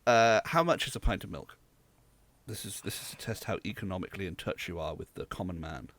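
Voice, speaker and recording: A man's voice: sits low, a little fast, a bit bright. A man from Southwest England, co-hosting a casual podcast chat in a rambling, dry way. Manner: dry, rambling with many fillers. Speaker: podcast co-host.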